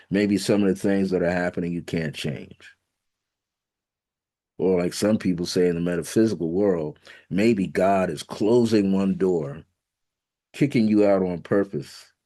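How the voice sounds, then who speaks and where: Low-voiced man giving a spiritual talk. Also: warm tone. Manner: emphatic, slows down to stress key words and affirmations. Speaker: spiritual teacher. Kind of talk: motivational spiritual teaching talk.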